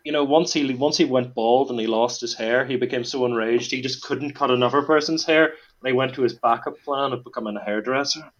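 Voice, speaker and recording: A Northern Irish man hosts a loose, jokey podcast, deadpan and full of "you know"s. His voice sits in an ordinary middle range. The sound is dull and lo-fi. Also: medium pitch, brisk, few pauses. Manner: dry, joking, many fillers. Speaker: podcast host. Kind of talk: casual comedic podcast chat.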